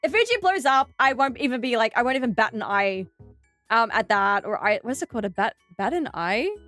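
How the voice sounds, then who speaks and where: A young Australian woman bantering with her live chat, her slightly high voice swooping up and down as she giggles and exclaims. Her delivery is casual and animated, and soft game music plays faintly behind her. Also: fairly quick, dry recording. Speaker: streamer.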